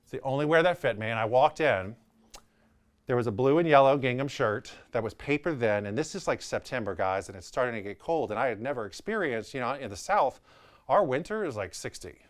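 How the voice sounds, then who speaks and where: A man's voice: medium pitch, fairly quick. A man in his thirties with a New Orleans accent, telling a personal story candidly and acting out the people in it. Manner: animated, candid, quotes people in their voices. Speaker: real estate agent.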